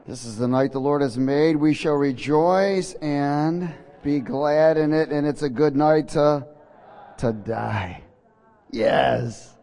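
A man's voice: mid-range voice, slow, warm tone. A man preaching a sermon, emphatic and repetitive, asking the congregation to answer back. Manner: call-and-response, emphatic and repetitive. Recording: echoey hall with long reverb.

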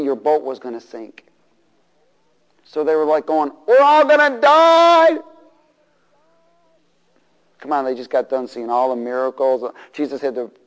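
A middle-aged man preaching a sermon, calling for responses from the congregation and acting out the voices of people in the story. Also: medium pitch. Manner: animated, call-and-response, acts out voices. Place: church hall. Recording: long reverb of a large hall.

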